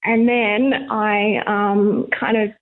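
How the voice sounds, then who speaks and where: A woman with an Australian accent, calling in to a radio show and telling a story in an animated, laughing way. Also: medium pitch, slow pace, narrow, tinny audio. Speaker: caller. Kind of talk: phone-in storytelling.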